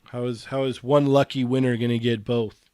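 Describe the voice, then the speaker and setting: A man's voice: mid-range voice, brisk, slight background noise. A man hosting a live stream and chatting casually while running a giveaway. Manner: lively, runs the giveaway. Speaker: podcast host.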